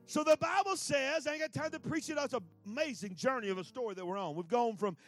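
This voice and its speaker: A male pastor preaching a fervent sermon in a folksy way, swinging between shouted peaks and hushed asides. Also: very high-pitched, fast, soft background music. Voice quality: colloquial, folksy.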